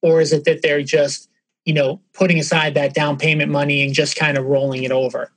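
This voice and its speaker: A man's voice: on the high side, flat delivery, fairly quick, fairly bright tone, rough recording. A man hosting a podcast, asking long, rambling questions full of restarts. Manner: rambling, restarts, many fillers. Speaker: podcast host. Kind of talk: casual podcast chat.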